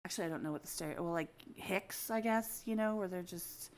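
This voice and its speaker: An American woman in her younger years chats loosely on her podcast, breaking into laughter between sentences. Her talk is blunt and full of swearing, told with lively storytelling energy. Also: fairly low pitch, brisk. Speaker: podcast host. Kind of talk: casual chat.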